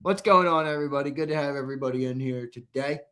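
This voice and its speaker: An American man hosting a live sports talk stream, chatting loosely, reading viewer comments and now and then bursting into shouts. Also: medium pitch, quick pace. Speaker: host.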